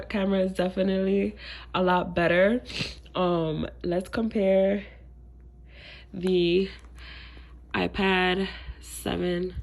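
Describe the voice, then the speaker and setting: A woman's voice: medium pitch, creaky, slight background noise. A woman with a stuffy, congested voice chatting through a casual unboxing vlog, laid-back, with frequent ums and slang. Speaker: tech vlogger.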